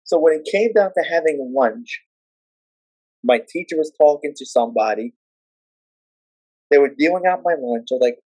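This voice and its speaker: A man on a podcast telling memories in a lively way, acting out the people he quotes. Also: fairly high pitch, no room sound, rough recording. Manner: animated, acts out the people he quotes; rapid run-on retelling of wrestling memories. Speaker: podcast guest and storyteller. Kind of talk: casual podcast storytelling.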